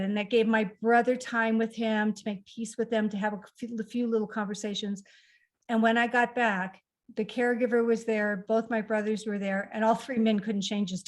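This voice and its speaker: A middle-aged woman recounting a personal family story in conversation, acting out the quoted lines of the people in it. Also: medium pitch. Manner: emotional, acts out quoted dialogue. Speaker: author guest.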